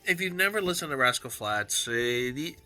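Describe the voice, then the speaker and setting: A man recording a personal video journal, talking in an earnest, heartfelt way with halting restarts and fillers. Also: medium pitch, animated, pushed and bright, soft background music. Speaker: vlogger.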